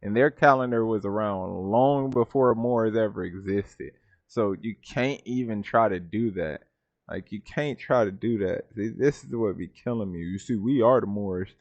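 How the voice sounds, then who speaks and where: A man's voice: on the low side, moderate pace, darkish tone, dry recording. A man hosting a reaction video in casual commentary, often laughing and mocking in disbelief. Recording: dull lo-fi sound.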